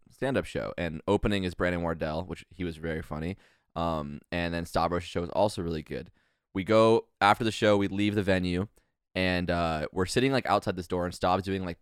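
A man's voice: low voice, clear, resonant tone, no room sound, clean studio sound. A man co-hosting a podcast, telling a long story in casual chat and acting out what people said. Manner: animated storyteller, acts out quoted dialogue. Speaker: podcast co-host.

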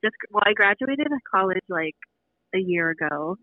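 A woman's voice: medium pitch, animated, normal speed, no echo. A woman in her twenties from San Jose, a caller gushing and giggling as a fan over the phone. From San Jose, California. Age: 20s. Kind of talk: phone call chat. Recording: tinny dry phone line.

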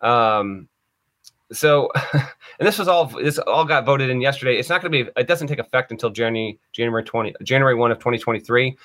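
A man's voice: mid-range voice, animated, fairly quick, a bit bright. A man hosting a casual sports podcast, reading statements aloud and adding dry comments of his own. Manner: reads quotes aloud then comments wryly. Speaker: podcast host.

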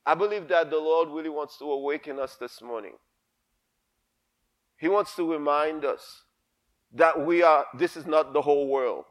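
Pastor, male, high voice, preaches with fire and repetition. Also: normal speed, long pauses. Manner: impassioned, emphatic, repeats himself. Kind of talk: sermon.

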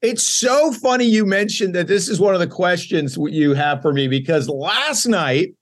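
A man's voice: high-pitched, animated, normal speed. A middle-aged man co-hosting a sports talk show, telling rambling stories with wry asides. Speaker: co-host. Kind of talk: casual sports podcast chat.

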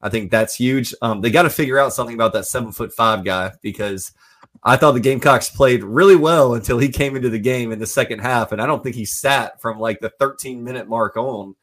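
A man on a sports talk show giving a steady, analytical breakdown of a game. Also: mid-range voice, fairly quick.

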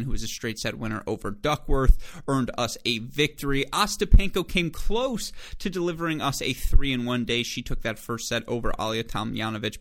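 Man from Michigan, betting-show host, energetic and stat-heavy, mid-pitched voice. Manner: energetic, stat-heavy, self-correcting delivery. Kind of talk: tennis betting picks show.

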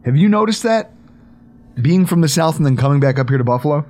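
A man's voice: a little high, lively intonation, fast talker, darkish tone. A man hosting a casual sports podcast, bantering and teasing his co-host in a playful way.

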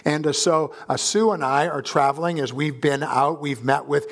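A man preaching a guest sermon in a church, earnest and conversational, with frequent pauses and filler sounds. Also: fairly high pitch, steady tone, creaky. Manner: earnest, many filler uhs and ums. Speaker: pastor. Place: church sanctuary.

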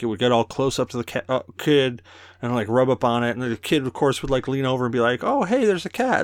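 A man's voice: mid-range voice, fairly bright tone, dry recording, clean studio sound. A man hosting a casual podcast, telling crude stories and laughing often, a bit tipsy. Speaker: podcast host.

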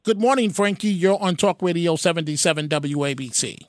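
A man's voice: fairly high pitch, lively intonation, a little fast, dry recording, clean studio sound. A man hosting a call-in talk radio show, joking and emphatic, working the phones with callers. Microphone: studio microphone.

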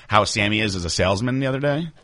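Young male podcast host, quick bright delivery, dry close sound, animated storyteller. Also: on the low side, no echo. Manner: fast, animated storyteller who acts out quotes with laughs. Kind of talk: casual chat.

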